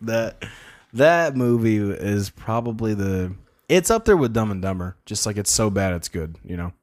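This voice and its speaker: An American man on a relaxed podcast, somewhat low-voiced but very lively in pitch. He laughs often and tells stories with plenty of animation. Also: normal speed. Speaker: podcast co-host. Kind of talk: casual chat.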